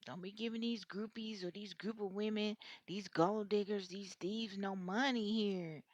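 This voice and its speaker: A woman reads tarot in a loose, rambling way, cussing freely and speaking bluntly. Her pitch sits mid-range for a woman. The sound is dry, with no room around it. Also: fairly even intonation, unhurried, no room sound, lo-fi sound. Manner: blunt, slangy and openly vulgar; rambling, with frequent restarts. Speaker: tarot reader. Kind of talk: casual tarot reading monologue.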